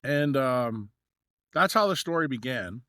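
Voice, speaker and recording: A middle-aged man from New York, a guest on a podcast, tells long, winding stories full of "uh" and "you know." He slips into the voices of the people in his tales. His voice sits at an ordinary pitch, and it is caught close and dry, with no room sound. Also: animated, a little slow, bright, forceful tone, no room sound. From New York, USA. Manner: rambling anecdotal telling with many fillers, acting out quoted dialogue. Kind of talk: storytelling in a podcast interview.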